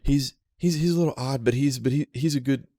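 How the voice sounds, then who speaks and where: A man voicing a gentle young male pet raccoon, hesitant and stammering, in a raised voice. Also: mid-range voice, a little fast, dry recording, studio quality, pitched above the performer's own voice, close to an everyday voice. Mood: sheepish.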